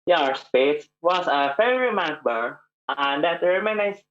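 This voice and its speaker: A meeting host thanking a speaker in slow, halting, deliberate phrasing. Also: medium pitch, animated, a bit bright. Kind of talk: formal meeting remarks. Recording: muffled and distant from the mic.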